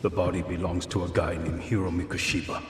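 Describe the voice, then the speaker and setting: A man's voice: sits low, little pitch movement, fairly quick, music in the background, natural voice. A man voicing a grim, vengeful middle-aged father in a somber tone, heard in a game cutscene. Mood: bitter. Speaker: grieving father. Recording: echoey distant reverb.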